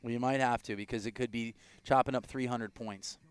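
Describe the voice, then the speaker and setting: A man calling a live sporting event, relaxed and chatty, often restarting his sentences. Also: medium pitch, normal speed, smooth. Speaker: play-by-play commentator.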